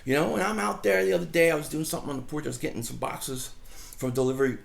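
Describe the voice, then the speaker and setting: Gravelly high-voiced man ranting outdoors. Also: very fast. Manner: rambling, animated storytelling with mocking impressions. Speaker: fan vlogger. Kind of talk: casual outdoor vlog rant.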